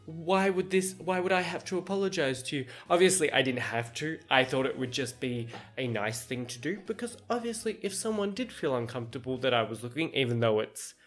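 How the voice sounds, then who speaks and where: A man's voice: medium pitch, fairly quick, hardly any pauses, faint music behind. A man hosting a podcast, telling a work story in casual chat, laughing often and acting out what people said. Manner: animated, laughs often, acts out quoted dialogue. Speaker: podcast host.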